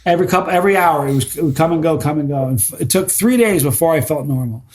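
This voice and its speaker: A middle-aged man sits in as a podcast guest, talking through his stories in a lively, animated way. His voice sits on the high side for a man. He often trips over his own words and repeats them as he hurries on. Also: fast talker. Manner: animated storyteller, repeats words when excited. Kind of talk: casual podcast chat.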